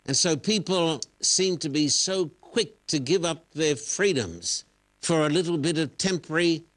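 A man's voice: fairly high pitch, lively intonation, a little slow, fairly bright tone. A man, a pastor, hosting a broadcast religious interview and pressing his guest with earnest, probing questions in a preacher's emphatic manner.

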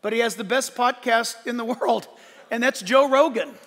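A man as pastor delivering a sermon, animated and emphatic, swinging between shouts and soft asides. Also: extremely high pitch, normal speed. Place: church sanctuary. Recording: large hall with long reverb.

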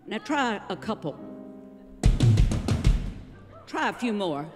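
A woman preacher delivering a sermon, with emphatic, rhythmic preaching that swings from hushed to shouting. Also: medium pitch, big pitch swings, normal speed. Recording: live hall recording with long reverb and music.

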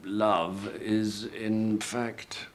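An actor playing a weary, blunt male rock star, halting in his speech, heard from a film clip. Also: fairly low pitch, little pitch movement. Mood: sincere. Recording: film clip with faint noise.

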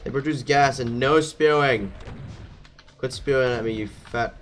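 A man's voice: medium pitch, unhurried. A man giving let's play commentary, jumpy and thinking aloud, swearing at the enemies as he plays. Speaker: gameplay commentator.

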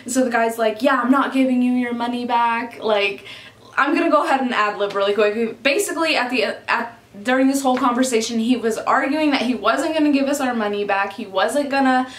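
Young woman in her twenties, high voice, chatty storyteller who swears a lot; echoey room. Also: quick pace. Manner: chatty, swears often, says "like" constantly. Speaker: vlogger. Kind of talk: casual storytime.

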